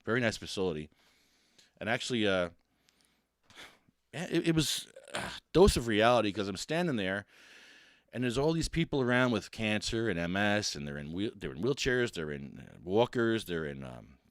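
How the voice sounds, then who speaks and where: A man's voice: fairly low pitch, a bit bright, no echo, clean studio sound. A man hosting a casual solo podcast, rambling and poking fun at himself, with lots of restarts. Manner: rambling, self-deprecating, with frequent restarts. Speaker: podcast host.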